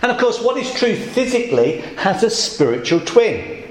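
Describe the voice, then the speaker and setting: A man's voice: high voice, sing-song, normal speed. A man preaching a sermon in a conversational way, asking the congregation questions. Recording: echoey church room.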